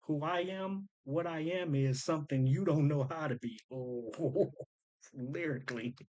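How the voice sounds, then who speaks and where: A man's voice: fairly high pitch, unhurried, darkish tone, lo-fi sound. A man hosting a casual breakdown of rap lyrics, thinking aloud, repeating lines back and explaining them in loose slang. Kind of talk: casual commentary.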